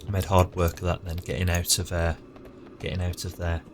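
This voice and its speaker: A man's voice: deep voice, completely flat delivery, brisk, slight background noise. A man casually talking through his game as he plays, muttering to himself as he goes. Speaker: player narrating his game. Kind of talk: casual gameplay commentary. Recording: music playing clearly behind.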